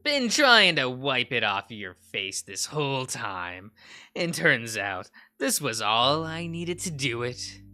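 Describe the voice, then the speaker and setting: A man voicing a manic, menacing male weasel with a gun who taunts and shouts. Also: medium pitch, big pitch swings, slow pace, voice pushed up, exaggerated voice. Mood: taunting.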